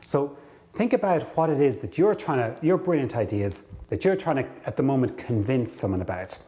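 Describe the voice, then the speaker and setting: A man speaking straight to camera in a mid-range voice, coaching his audience through a story about his work. He brings the tale to life by acting out what people said, then slows right down to drive a point home. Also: mid-range voice. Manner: lively storyteller, acts out dialogue. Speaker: career coach.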